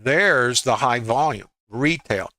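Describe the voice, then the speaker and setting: A man's voice: mid-range voice, lively intonation, slow pace, pushed and bright, dry recording. A man teaching futures trading on a live stream, conversational and full of rhetorical questions, with some dry humor. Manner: conversational with frequent fillers and restarts. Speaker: trading educator.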